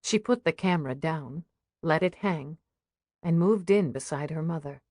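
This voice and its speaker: Low-voiced woman reading an audiobook. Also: normal speed, darkish tone, dry recording, studio quality. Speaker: audiobook narrator. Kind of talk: scripted narration.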